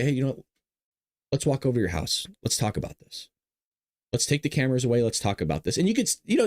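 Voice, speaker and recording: A man's voice: medium pitch, no echo, studio quality. A man hosting a podcast, talking casually and emotionally, choked up and rambling. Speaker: podcast host. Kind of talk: casual commentary.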